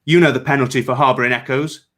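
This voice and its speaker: A man's voice: medium pitch, fairly even intonation, fast talker, a bit bright, close to an everyday voice. A man reading fiction aloud and voicing a male patrol soldier, sneering and threatening at first, then stammering and frantic. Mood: menacing. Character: arrogant male patrol soldier turned panicked.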